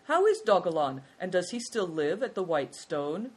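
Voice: medium pitch, sing-song, normal speed, breathy edge. A reader voicing Mate, a hospitable older male nomad host who speaks in formal, flowery language, in a storybook reading. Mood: courteous.

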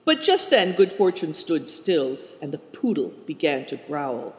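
A man narrating a storybook in a steady storytelling manner, in a roomy recording. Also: on the high side, unhurried. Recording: roomy hall reverb.

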